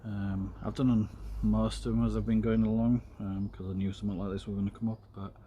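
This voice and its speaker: Working through a paracord weave on stream, a man speaks briskly in a fairly low, mellow voice with a level tone. He rambles casually, filling space with ums and tangents about games. Slight background noise can be heard.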